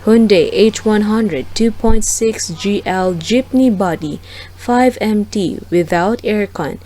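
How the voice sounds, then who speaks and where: A woman's voice: medium pitch, warm tone, rough recording. A woman with a Filipino accent hosting a car price channel, reading out a price list item by item. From Philippines. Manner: slow, deliberate item-by-item listing.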